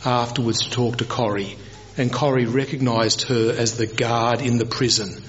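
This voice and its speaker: Man preaching a lively sermon. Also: lo-fi sound. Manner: animated, rises high when voicing Moses.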